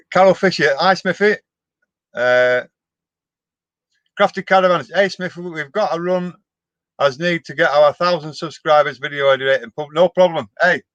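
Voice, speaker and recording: A man's voice: a little high, a bit bright, dry recording, lo-fi sound. Chatty man on a live stream. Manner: chatty and down-to-earth, frequent restarts and repeated words. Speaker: vlogger hosting a live stream. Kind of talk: casual live chat answering viewer comments.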